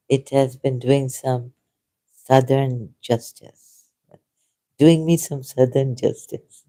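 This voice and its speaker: A leisurely, unhurried speaker with a soft, mellow tone. The talk wanders, hesitates and often turns modest and self-deprecating in a casual conversation. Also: medium pitch, fairly even intonation. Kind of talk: casual debate chat.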